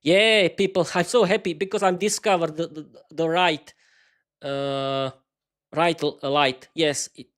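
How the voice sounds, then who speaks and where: A man's voice: on the high side, steady tone, unhurried, fairly bright tone. A man hosting a casual live-stream podcast, talking to viewers in a hesitant, stuttering way full of restarts while adjusting his lighting, speaking into a desk microphone in a small home studio. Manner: chatty, talks to viewers while fiddling with lighting. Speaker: podcast host.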